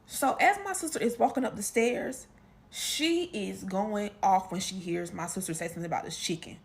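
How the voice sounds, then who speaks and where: A woman telling a casual storytime monologue to her followers, retelling a family fight in animated, slangy talk with lots of quoted dialogue. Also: mid-range voice, normal speed, gravelly. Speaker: storytime creator.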